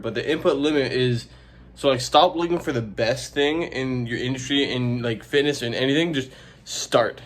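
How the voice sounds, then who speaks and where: Young male YouTuber, casual motivational vlog, rambling and filler-heavy delivery. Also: medium pitch. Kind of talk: casual self-help vlog.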